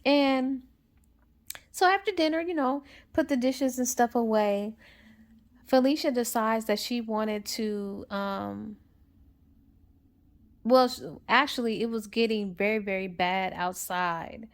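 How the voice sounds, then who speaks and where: A woman's voice: a little high, slow, pauses often. A woman casually retelling a novel's plot for a book review, in a rambling, chatty way.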